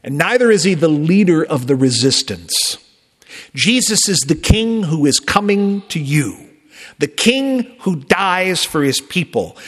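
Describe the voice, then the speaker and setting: Lively-voiced pastor preaching in a reverberant church. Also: male voice, a little high. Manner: conversational preaching with sudden emphatic rises and soft drops. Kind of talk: sermon. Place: church sanctuary.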